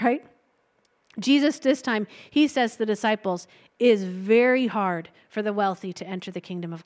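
Female preacher, a touch high-pitched, casual sermon delivery with light laughs. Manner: conversational, laughs lightly between points.

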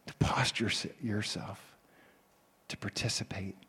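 A man preaching a sermon as a pastor, swinging between loud, animated calls and soft, hushed passages. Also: on the low side, unhurried, slightly rough.

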